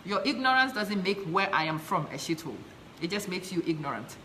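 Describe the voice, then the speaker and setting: A woman's voice: fairly low pitch, animated, fairly quick, bright, forceful tone, slight background noise. A woman from Ghana with a Ghanaian accent, passionately hosting a live stream, chatting and reading out viewer comments while mixing English and Twi. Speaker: live show host.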